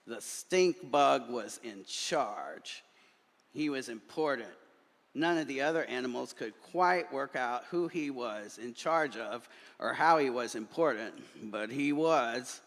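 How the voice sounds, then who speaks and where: A male minister reading a children's story aloud in a church, doing animated voices for the characters. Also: mid-range voice, creaky. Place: church sanctuary. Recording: long reverb of a large hall.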